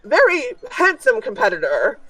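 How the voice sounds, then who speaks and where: A woman's voice: on the high side, huge pitch swings, normal speed, a bit bright, no echo, recorded from a distance, exaggerated voice, rough recording. A woman voicing a fussy male circus ringmaster who stammers and gushes over the contestants in a tabletop game. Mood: flustered announcing. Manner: flustered, stammering, gushing.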